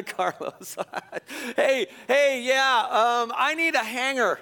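A middle-aged man, a pastor, telling a self-deprecating story in a sermon, animated and chuckling as he goes. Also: very high voice, very slow, creaky. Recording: long hall reverb.

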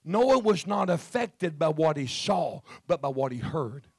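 A man's voice: a little high, big pitch swings, a little slow, creaky, husky, no room sound, clean studio sound. A man preaching a Pentecostal sermon, fervent and emphatic, repeating his phrases.

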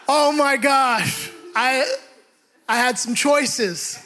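High, bright-voiced preacher telling a story. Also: male voice, normal speed, slight background noise. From San Francisco Bay Area. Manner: animated storyteller, shouting and laughing through the story. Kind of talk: sermon with a personal story.

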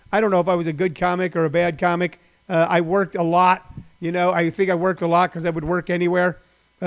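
A middle-aged man talks to his live-stream viewers from home in a rambling, chatty way, full of filler words. His voice sits high for a man. It carries a gravelly, creaky edge. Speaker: live-stream host and former stand-up comic.

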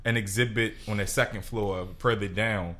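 A man with a lowish voice hosts a casual podcast. He poses his questions by painting long, playful hypothetical scenes, and his delivery is animated. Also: normal speed. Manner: animated storyteller, builds playful scenarios. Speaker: podcast host asking questions.

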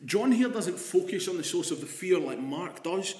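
A man's voice: sits high, lively intonation. Preaching man in an echoey room. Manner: shifts between hushed, slow quotes and rising emphatic passages. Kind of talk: sermon.

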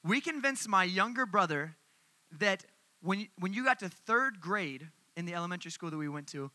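Bright, high-voiced young man preaching. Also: moderate pace, no room sound. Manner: animated storytelling to a crowd. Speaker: youth speaker. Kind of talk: sermon.

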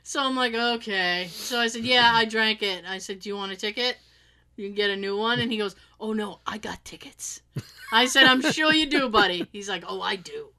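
A woman's voice: a little high, brisk, pushed and bright, clear, resonant tone. A woman casually telling a story and acting out the quotes, swearing freely.

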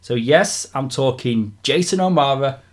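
Male co-host, relaxed and opinionated, talks movies with a laugh. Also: medium pitch, a little slow. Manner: chatty, opinionated, laughs easily. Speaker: podcast co-host. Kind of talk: casual film news chat.

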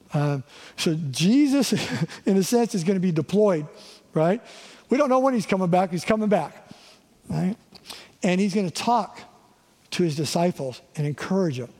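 A middle-aged male pastor gives a conversational sermon in a church sanctuary, often checking in with the congregation by asking "right?" His voice sits high and warm, trailed by a long reverb tail.

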